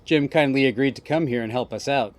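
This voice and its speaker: A man's voice: medium pitch, brisk, dry recording, faint music behind, close to an everyday voice. A man voicing a bossy young woman gang leader who scolds in a firm way. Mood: stern. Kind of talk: reading game dialogue aloud.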